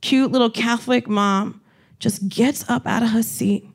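A woman's voice: a little high, a little slow. Bubbly, profane comedian woman telling stories. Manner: profane, animated, laughs often. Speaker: comedian, co-host. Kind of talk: casual storytelling chat.

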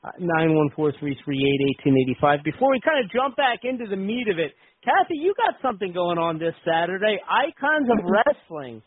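A man's voice: high-pitched, sing-song, brisk, hardly any pauses, husky, no echo. A man hosting a radio talk show, joking around in a loose, casual way with plenty of filler words. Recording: dry, phone-like lo-fi audio.

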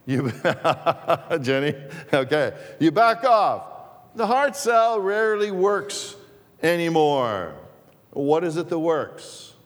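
A male pastor delivers a sermon at a slow, deliberate pace, his voice sitting a little high. He repeats key phrases and asks his congregation questions, and a long church-hall echo trails each line. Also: very animated.

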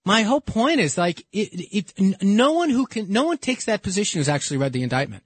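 A man's voice: sits high, very animated, fast talker, hardly any pauses, slightly rough, dry recording. A man hosting a call-in radio talk show, arguing his point heatedly and repeating himself when he gets worked up. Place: radio studio. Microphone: studio microphone.

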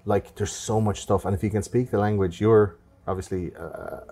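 A man hosts a podcast in a loose, casual way, tossing in sarcastic asides and swearing freely. His voice is very low, dark and mellow in tone, with a husky edge. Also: fairly even intonation, moderate pace. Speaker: podcast host.

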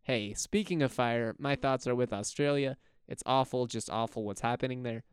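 Young guy chatting hoops on his podcast, smooth voice, real dry close sound. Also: medium pitch, normal speed, no echo. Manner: rambling, chuckling, self-correcting. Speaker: podcast host. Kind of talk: casual sports podcast talk.

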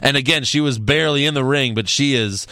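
A man's voice: medium pitch, a little fast, pushed and bright, no echo. A man co-hosting a casual chat, rambling and laughing often. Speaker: podcast co-host.

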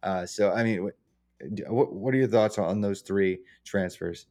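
A man's voice: low voice, normal speed, darkish tone. A man co-hosting a sports podcast, analyzing players in a casual, hesitant way full of uhs and restarts. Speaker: podcast co-host.

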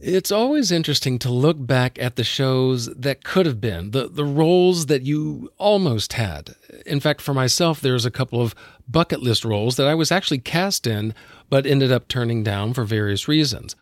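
Podcast host narrating a scripted segment. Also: male voice, medium pitch, expressive, normal speed, dry recording, studio quality.

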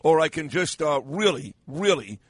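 An older man hosts a morning radio show in a studio, rambling and joking at his own expense. His voice is a little high and worn, and he sounds tired, like he is losing it. The sound is dry and close. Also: sing-song, moderate pace, no echo. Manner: rambling, self-mocking banter with frequent fillers.

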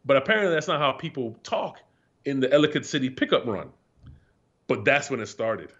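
A man in his forties, formerly a pro athlete, guests on a casual storytelling chat, laughing and speaking profanely. His mid-range voice is sing-song, a bit bright and breathy, delivered a little fast over slightly dull lo-fi sound.

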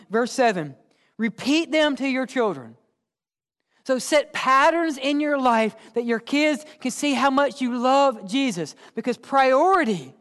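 Man preaching in a reverberant church. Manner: asks the congregation questions and answers them; drops to a hushed low voice for emphasis. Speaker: pastor. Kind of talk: sermon. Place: church sanctuary. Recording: long hall reverb.

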